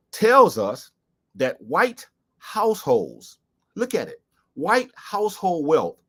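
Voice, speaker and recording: A man hosting a commentary show, speaking in a preacherly, emphatic way to his viewers and slowly repeating key lines. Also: a little high. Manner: preacherly, addressing viewers as "beautiful people" and "brothers and sisters". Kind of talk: talk-show monologue with charts.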